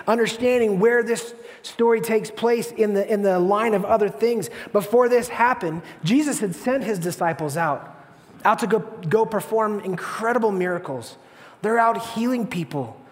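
A male pastor preaching a sermon with animated storytelling, acting out the people in it. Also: high-pitched, in a large hall. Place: church.

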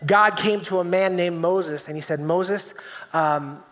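Pastor guy preaching on stage, high voice, lots of hall echo, chatty storyteller. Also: measured pace, fairly bright tone. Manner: conversational, storytelling, acts out voices with humor. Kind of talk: sermon. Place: church stage. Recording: long reverb of a church hall.

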